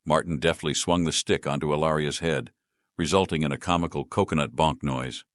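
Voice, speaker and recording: A man reading a story as scripted narration in a steady storytelling manner. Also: very deep voice, brisk, no echo, studio quality.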